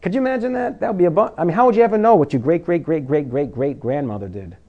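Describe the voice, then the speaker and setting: A man's voice: fairly high pitch, animated, fast talker, lo-fi sound. A man preaching an informal sermon to his congregation, conversational and full of rhetorical questions, at times laughing at his own jokes.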